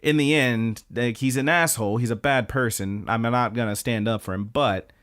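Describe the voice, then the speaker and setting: A man's voice: mid-range voice, fairly even intonation, normal speed, a bit bright. A man co-hosting a podcast, casually retelling an anime episode with fillers and quoted lines. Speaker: podcast co-host. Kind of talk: casual chat recapping an anime.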